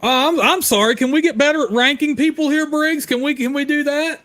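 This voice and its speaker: A man hosting a live horror chat stream, loud and teasing, with shouted bursts. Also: very high-pitched, brisk, soft background music. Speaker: host.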